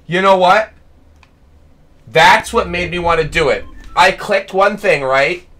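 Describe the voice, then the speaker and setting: A man's voice: high-pitched, takes it slowly, fairly bright tone. A young man streaming a video game, chatting casually to his viewers in a rambling way, laughing often. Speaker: gaming streamer.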